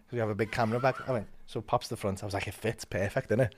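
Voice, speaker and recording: A young man with a lowish voice races through a funny story on a podcast. He swears without restraint, laughs along the way, and does the voices of the people involved, keeping it all very animated.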